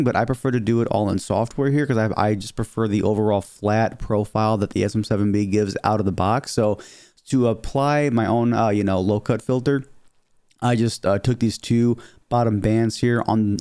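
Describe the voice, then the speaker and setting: Low mellow guy rambling thru his mic settings, lots of "okay?" and "uh", smooth close dry sound. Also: dry recording. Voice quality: lower register, somewhat muddy midtones. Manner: chatty, filler-heavy, keeps saying "okay?" and "here". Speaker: streamer explaining audio settings. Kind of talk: casual tutorial. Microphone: dynamic studio mic, close.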